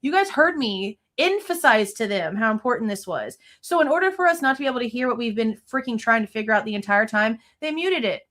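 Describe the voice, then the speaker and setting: A woman in her thirties with a slightly high voice hosts a true crime livestream. She vents angrily and swears often, talking in a casual, heated way to her viewers. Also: a bit bright. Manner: angry, venting, frequent swearing.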